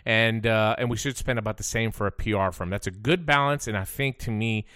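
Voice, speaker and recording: A man hosting a radio show, telling stories in a fired-up, profane, animated way. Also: lowish voice, fairly quick, smooth, dry recording, clean studio sound. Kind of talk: casual ranting talk.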